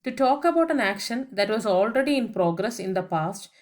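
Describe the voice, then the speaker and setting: A woman's voice: a little high, animated, fairly quick, a little mellow. A woman French teacher giving a methodical grammar lesson voice-over, spelling words out letter by letter and adding English translations. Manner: explains each point with English translations.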